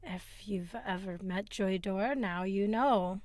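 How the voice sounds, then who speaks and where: A woman voicing a friendly, calm young man in love in a tabletop game, speaking in a mild, measured way. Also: mid-range voice, pitched below the performer's own voice, lightly acted.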